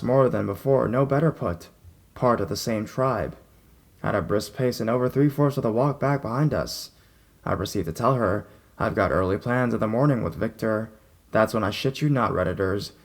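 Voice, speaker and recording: A man's voice: on the low side, creaky. A man narrating a true horror story in an intense, emphatic, profane way. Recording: faint background music.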